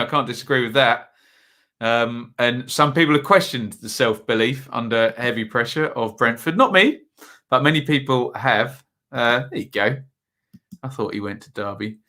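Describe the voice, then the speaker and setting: Chatty bright-voiced man hosting a watchalong. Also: mid-range voice. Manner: chatty, reads out viewer comments between match updates. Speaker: live stream host. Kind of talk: casual football watchalong commentary.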